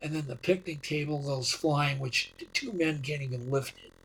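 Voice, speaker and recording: A man's voice: on the high side, normal speed, creaky, a bit bright, a little hiss or hum, poor audio. A man, a guest on a podcast, telling a long story in a casual, rambling way, often restarting and repeating words.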